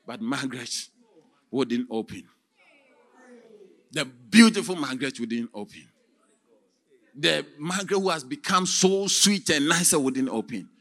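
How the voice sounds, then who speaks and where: Theatrical preacher with a bright voice. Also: male voice, mid-range voice, expressive, a little slow, long pauses. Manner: theatrical, with sudden shouts and sound effects. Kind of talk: dramatic sermon storytelling.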